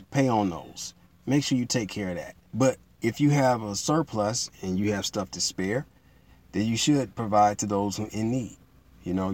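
A man preaching in a relaxed, conversational way, repeating himself and building to emphatic peaks. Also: on the low side. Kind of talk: informal sermon teaching.

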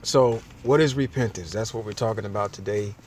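Reading King James scripture aloud, a man with a lowish, darkish voice teaches the Bible informally and a little fast, often restarting as he goes. A slight hiss or hum sits in the recording.

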